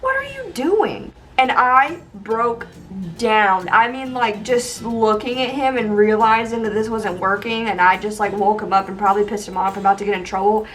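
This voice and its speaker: A young woman telling funny stories from her life in a chatty, animated way with lots of fillers. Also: medium pitch, normal speed, distant mic, poor audio. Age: young adult. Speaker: vlogger. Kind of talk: casual storytime.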